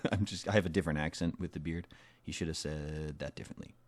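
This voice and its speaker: A man's voice: rumbling low, fairly even intonation, a little fast, dry recording, studio quality. A man hosting a let's play, commenting on a game in a rambling, wry, offhand way.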